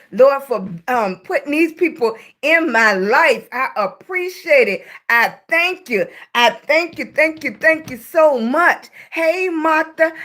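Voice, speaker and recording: A woman's voice: high-pitched, sharp tone. A woman with a Southern US accent hosting a casual live stream, chatting with viewers, greeting them by name and calling them baby. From Southern United States. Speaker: livestream host. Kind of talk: casual livestream chat with viewers.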